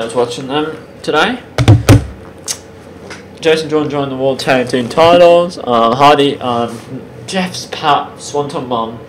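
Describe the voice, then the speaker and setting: Halting man rambling through a review. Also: medium pitch, a bit bright. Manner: halting, many ums and restarts. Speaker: channel host reviewing wrestling. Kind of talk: unscripted casual review. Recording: roomy with faint background hiss.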